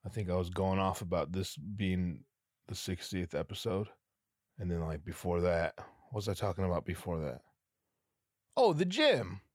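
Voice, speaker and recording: A man hosts a podcast by himself, rambling through stories and swearing freely. His pitch swings widely as he tells them. The sound is dry and close, with no room around it. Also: moderate pace, no echo. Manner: rambling, profane, animated storytelling. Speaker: podcast host. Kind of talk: casual monologue.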